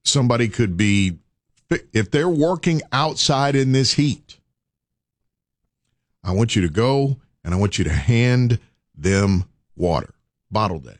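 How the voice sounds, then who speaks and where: A man's voice: lowish voice, lively intonation, unhurried, pauses often, no echo, studio quality. A man hosting a radio show, urging listeners with preacher-like repetition. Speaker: radio host. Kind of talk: morning radio talk.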